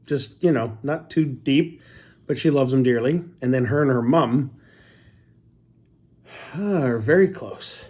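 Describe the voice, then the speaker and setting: A man from Canada co-hosting a casual chat with his wife, talking fast, joking and teasing himself. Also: mid-range voice, dark tone. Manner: chatty, joking, self-deprecating. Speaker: co-host.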